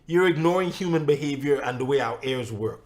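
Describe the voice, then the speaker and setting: A man's voice: mid-range voice, a little fast. A man co-hosting a casual podcast chat, opinionated and swearing freely as he argues his point. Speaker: podcast co-host.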